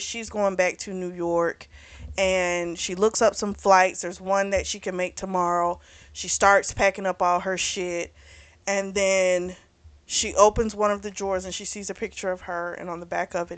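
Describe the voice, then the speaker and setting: A woman casually recapping a romance novel for her book review channel, candid and chatty, swearing freely as she retells the scenes. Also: mid-range voice.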